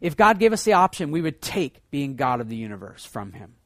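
A man preaching a sermon as pastor, swinging between loud excited bursts and hushed low passages. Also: fairly quick, dry recording, clean studio sound.

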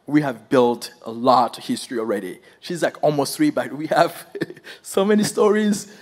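A man preaching a sermon and telling a personal story, animated, talking to the audience and laughing often as he goes. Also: mid-range voice, normal speed.

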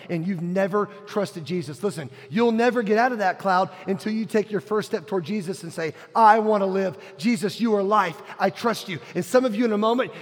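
A middle-aged man preaching a sermon, telling a personal story earnestly, dropping to a hush and rising to a shout. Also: high-pitched. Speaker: pastor. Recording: long hall reverb.

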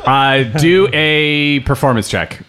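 A man's voice: fairly high pitch, slow pace, a bit bright, slight background noise. Laid-back male game master narrating. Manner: loose, chatty narration with laughs.

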